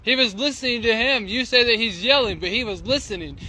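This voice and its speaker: Bystander, male, high bright sharp voice, insistent and repetitive. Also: brisk, low-quality recording. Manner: insistent, repeats his point.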